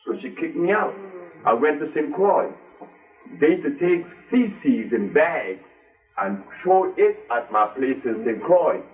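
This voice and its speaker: This older man's voice sits on the high side with big pitch swings, moving a little slowly as he speaks emphatically to a live audience and repeats phrases for stress. It sounds phone-quality, recorded from a distant mic with faint music.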